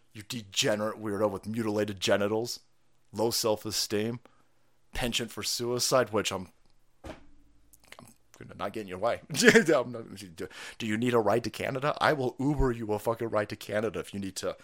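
A man hosting a stream, ranting profanely with sudden shouts and mocking put-on voices. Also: mid-range voice, animated, moderate pace. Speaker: streamer host. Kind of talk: profane political rant commentary.

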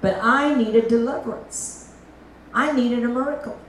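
A middle-aged woman evangelist gives a lively testimony sermon, full of folksy asides. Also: on the high side, measured pace, slight background noise. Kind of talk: testimony preaching. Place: church meeting hall. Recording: echoey hall, mic at a distance.

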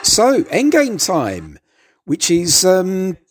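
A man's voice: high voice, huge pitch swings, extremely slow, faint music behind. A man giving casual, hesitant commentary over an old TV show, stammering and adding chuckling asides.

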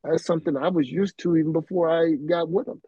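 A lively man spins stories in a laid-back interview, sprinkling "man" and "you know" through every thought. His voice sits a touch high for a man. It comes through earbuds on a remote call, muffled and lo-fi, with a dry, close sound and no room around it. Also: brisk, husky, no echo. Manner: animated, drops "man" and "you know" often. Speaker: guest musician, keyboardist. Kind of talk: casual storytelling interview.

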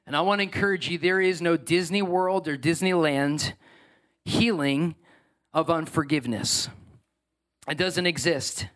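A man preaching a sermon as pastor, emphatic and animated. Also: a little high, unhurried.

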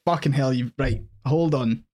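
A Scottish podcast co-host in casual chat, animated, swearing freely and laughing often. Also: mid-range voice, normal speed.

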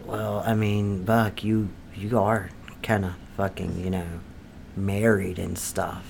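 A man's voice: deep voice, level tone, takes it slowly, creaky, darkish tone, slight background noise, full character voice. A man playing a crude, foul-mouthed redneck landlord from North Carolina, blustering through an improvised comedy sketch. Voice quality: profane, blustering, drawling. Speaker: comedy podcast character.

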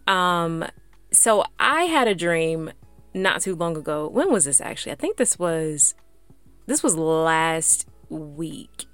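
A woman hosting a faith podcast, chatting excitedly and casually with lots of "like" and "y'all". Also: low-pitched, slow, smooth, no echo, faint music behind. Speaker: podcast host.

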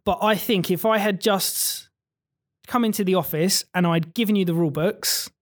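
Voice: mid-range voice, moderate pace. A teacher chatting casually on a podcast, earnest and rambling, often restarting sentences. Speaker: secondary school teacher.

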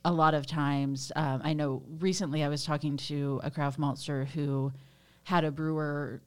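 A woman's voice: deep voice, steady tone, moderate pace, a little mellow, clear, resonant tone. A woman co-hosting a casual podcast, explaining things while thinking aloud with many restarts. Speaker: podcast co-host.

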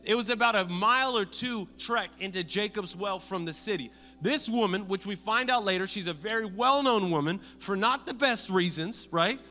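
A man preaching a sermon as pastor, lively and conversational, acting out the people he quotes. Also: sits high, moderate pace, hardly any pauses, long reverb tail.

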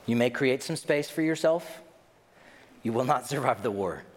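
A man preaching a sermon in a lively, animated way, acting out the voices of the people he quotes. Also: mid-range voice, normal speed, a little hiss or hum. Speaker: pastor. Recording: long hall reverb.

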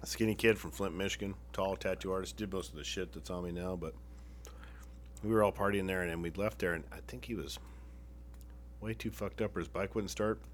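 A man's voice: low-pitched, steady tone, brisk, slight background noise. A man telling rowdy stories to friends in casual chat, swearing a lot and laughing through his own tales. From Phoenix, Arizona area. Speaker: storyteller among friends.

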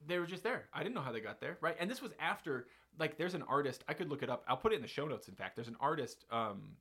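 Man, podcast host, loose animated storyteller, trips over his words. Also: fairly high pitch, quick pace, breathy edge. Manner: rambling, animated, many fillers and restarts. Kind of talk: casual storytelling chat.

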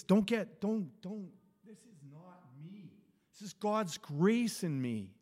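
A man's voice: high-pitched, expressive, slow pace, a little mellow. A man preaching an informal sermon, telling stories in a conversational way, often restarting his phrases and chuckling. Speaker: pastor. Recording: long hall reverb.

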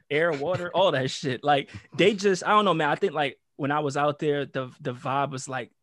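Young man, American, lively profane storyteller, slightly high voice, dry close sound. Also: normal speed, dry recording. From United States. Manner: animated, profane street slang, acts out quotes. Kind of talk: casual storytelling chat.

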